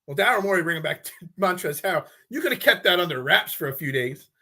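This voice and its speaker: A man's voice: high voice, lively intonation, fast, pushed and bright, slightly rough. A man hosting a casual live sports talk show, rambling and frustrated, often stumbling and restarting his sentences.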